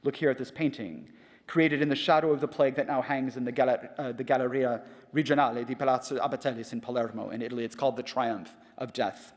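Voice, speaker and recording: A middle-aged man giving a prepared conference lecture, measured and reflective, asking rhetorical questions. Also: mid-range voice, fairly even intonation. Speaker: conference speaker. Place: large conference hall. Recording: reverberant hall.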